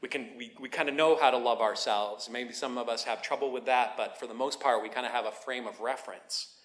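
A man preaching a sermon, telling a lively story with playful asides and then teaching in a quieter, earnest way. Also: medium pitch, fairly quick. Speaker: pastor.

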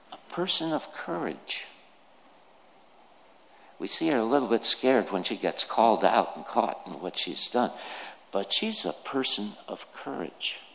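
Guy preaching a sermon real slow, asks the crowd stuff, big echoey hall sound. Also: mid-range voice, vocal fry, fairly bright tone, slight background noise. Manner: slow and deliberate, asks the listeners questions. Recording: long hall reverb.

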